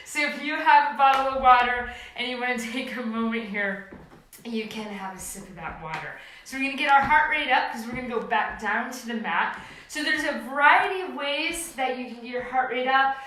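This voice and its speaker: A woman's voice: high voice, moderate pace, sharp tone, a little hiss or hum. A woman in her forties leading an at-home workout class, upbeat, counting reps and cueing each move. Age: 40s. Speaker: fitness instructor. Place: home room. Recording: echoey room, mic at a distance.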